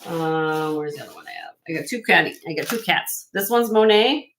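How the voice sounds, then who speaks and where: Here a vintage jewelry seller hosts a live-stream sale, gushing chattily over every item in her Midwestern accent. She has a low, slightly bright voice and an animated delivery at normal speed, captured on a rough recording.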